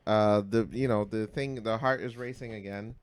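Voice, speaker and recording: A man co-hosting a podcast, telling a story in casual, profane, animated talk that swings between loud and mumbled. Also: lowish voice, moderate pace, clean tone. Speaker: podcast co-host.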